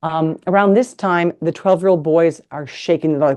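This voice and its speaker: A woman's voice: sits low, fairly even intonation, normal speed, darkish tone. A middle-aged woman, a retired nurse and sex ed teacher, giving a frank, playful talk with props over a video call. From United States. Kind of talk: live online presentation with props. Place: indoors at a table.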